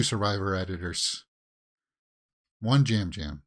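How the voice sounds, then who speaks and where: A man's voice: mid-range voice, lively intonation, normal speed. A man hosting a watch-along reaction video, giving casual commentary that swings into exasperated rants with repeated questions.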